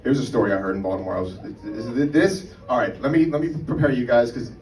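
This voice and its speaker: A man's voice: medium pitch, quick pace. Profane, chatty male stand-up comic. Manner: conversational, profane, keeps asking "right?". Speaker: stand-up comedian. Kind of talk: stand-up comedy. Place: comedy club stage. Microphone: mic on a stand. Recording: roomy live room, mic far off, background noise.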